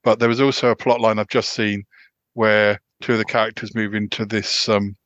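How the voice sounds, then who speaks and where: A man hosting a casual podcast chat, talking haltingly with many restarts and fillers. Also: lowish voice, flat delivery, fairly bright tone, dry recording. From United Kingdom. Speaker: podcast host. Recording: dull, lo-fi sound.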